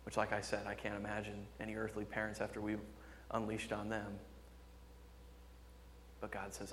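A male pastor preaching a sermon with impassioned delivery, swinging between loud emphasis and hushed, tender tones. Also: on the low side, monotone, normal speed, long pauses, big-room sound, slight background noise.

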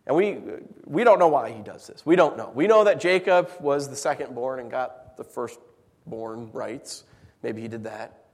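A man preaching a sermon as pastor, animated, acting out voices as he retells the scene. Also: medium pitch, normal speed. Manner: animated, acts out voices in anecdotes. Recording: long hall reverb.

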